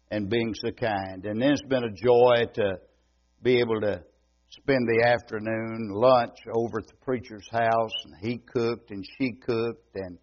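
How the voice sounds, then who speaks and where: Slow-drawling older East Texas preacher. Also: male voice, mid-range voice, lo-fi sound. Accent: East Texas Southern. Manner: homey, joking, unhurried drawl. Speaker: visiting preacher. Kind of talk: folksy sermon. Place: church sanctuary.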